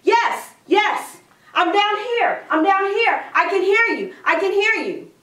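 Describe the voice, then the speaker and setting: Woman preacher doing a frantic stranded man, high and pleading, echoey from a distance. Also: sing-song, slow pace, a bit bright, exaggerated voice. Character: desperate man hanging from a cliff branch.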